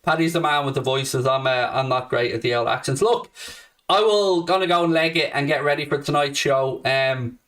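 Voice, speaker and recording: A man's voice: medium pitch, moderate pace, fairly bright tone, far from the mic. A young Irish man hosting a live stream, reading out viewer comments and answering with brash, profane banter. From Ireland. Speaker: host.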